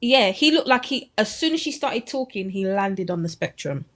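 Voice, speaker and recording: A woman's voice: medium pitch, animated, moderate pace. A woman co-hosting a podcast, talking in an opinionated, mocking way in casual chat. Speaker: podcast co-host.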